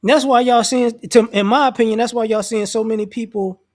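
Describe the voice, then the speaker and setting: A man's voice: very high voice, fairly even intonation, brisk. A man talking off the cuff in a loose, slangy way, restarting his sentences as he shares his views on society. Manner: acts out other people's voices in quotes. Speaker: commentator. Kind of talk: casual social commentary monologue.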